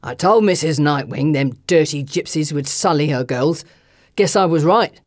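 A coarse, sneering bully of a man growls his threats in a gruff, loud storybook voice, as a woman reader puts him on. His lines sit a touch lower and more distant than the narration, dry and close in tone. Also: animated, normal speed, no echo. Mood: sneering menace. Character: brutish coarse middle-aged male bully.

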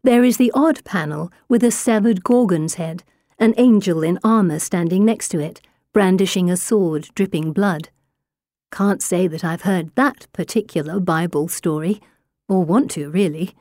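A woman reading a first-person story aloud as an audiobook narrator, in a steady, wry storytelling way. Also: lowish voice, moderate pace, dry recording, clean studio sound.

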